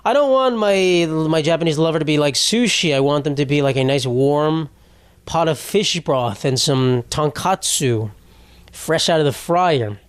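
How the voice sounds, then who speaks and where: A young man in his twenties hosts a podcast in a smooth, highish voice, animated yet a little slow, with no echo. His comedic monologue is rambling and profane, marked by frequent restarts.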